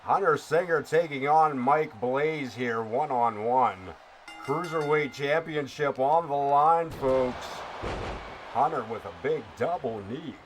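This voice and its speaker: A man voicing a cheesy old-time male radio wrestling announcer, nasal and high in the chest, with a booming, drawn-out play-by-play delivery over steady background noise. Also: lightly acted. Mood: hammy announcer. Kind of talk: mock play-by-play commentary.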